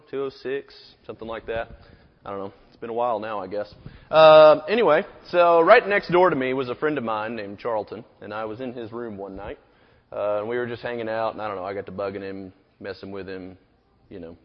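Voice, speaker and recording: Casual man preaching in an echoey auditorium. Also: medium pitch. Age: 30s. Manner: casual, rambling storyteller full of "you know". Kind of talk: sermon with a personal story. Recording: echoey hall, dull recording.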